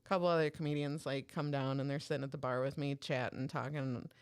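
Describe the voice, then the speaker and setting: A woman with an extremely low-pitched, clean voice talks fast while co-hosting a podcast. In casual chat she tells an animated story, swearing freely and acting out what each person said.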